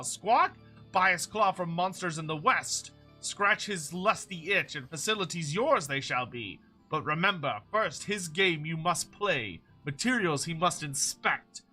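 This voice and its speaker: A man's voice: on the high side, measured pace, few pauses, bright, forceful tone, soft background music, exaggerated voice. A man voicing a squawking bird-like creature who gives quests with inverted word order, reading game text aloud in character.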